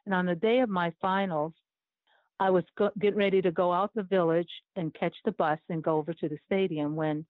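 Speaking over a tinny, phone-like line with no room sound, this older woman from the United States shares a personal story as an interview guest. She is an Olympic chaplain, earnest and emotionally moved. Her voice is on the low side, with fairly even intonation and a fairly quick pace.

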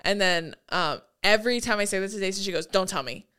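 A young woman in easy, casual conversation. Her voice is notably smooth and clean. She swears offhandedly and slips into quick quoted asides. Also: medium pitch, pushed and bright. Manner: swearing, chatty, quotes people in put-on lines. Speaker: podcast co-host. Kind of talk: casual chat.

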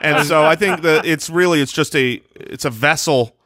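A man in his thirties co-hosting a podcast, teasing his friends in playful, animated casual banter. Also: fairly high pitch, a little hiss or hum. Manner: playful, animated, quick to tease. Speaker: podcast co-host.

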